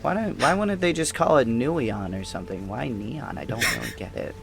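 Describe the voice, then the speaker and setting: A man's voice: mid-range voice, expressive, normal speed, creaky, over music. A man playing a tabletop game, joking around and laughing often. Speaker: player. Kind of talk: tabletop role-play.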